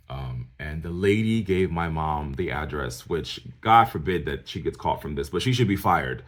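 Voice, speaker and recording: A man from New York telling his viewers a personal story in a casual, animated way. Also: extremely low pitch, moderate pace, hardly any pauses. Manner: animated, talks straight to viewers, acts out the people he quotes. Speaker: storyteller vlogger.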